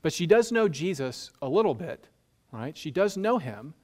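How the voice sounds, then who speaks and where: A man's voice: fairly high pitch, sing-song, normal speed, a little mellow. A man preaching a sermon in a conversational, humorous way, asking his listeners rhetorical questions. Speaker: pastor.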